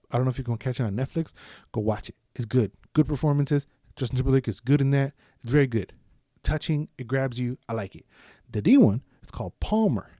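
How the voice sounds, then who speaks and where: Mellow-voiced man rambling solo on a podcast. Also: medium pitch, no room sound, studio quality. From United States. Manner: rambling, loose and profane, with frequent restarts. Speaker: podcast host. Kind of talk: solo casual podcast chat.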